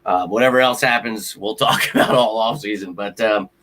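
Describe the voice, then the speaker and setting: A man's voice: on the low side, moderate pace, fairly bright tone. Fired-up, frustrated male livestream host. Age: adult with a child. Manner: frustrated, ranting and cursing. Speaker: sports show host. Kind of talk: casual livestream chat.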